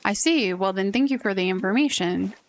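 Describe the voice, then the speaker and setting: A woman's voice: mid-range voice, fairly quick, close to an everyday voice. A woman voicing a stiff, overly formal businessman customer in a video game who keeps insisting on coffee.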